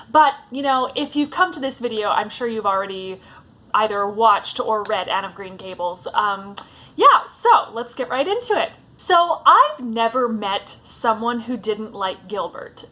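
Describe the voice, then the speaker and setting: A woman's voice: a little high, pushed and bright. A woman giving a casual, chatty vlog talk as a book vlogger, with a fond tone and lots of "like"s.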